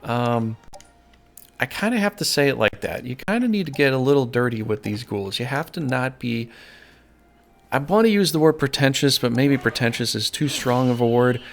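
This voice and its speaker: A man's voice: medium pitch, expressive, normal speed, creaky. A man giving casual, rambling strategy commentary over a game, folksy and prone to correcting himself mid-thought. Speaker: gameplay commentator. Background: faint game music.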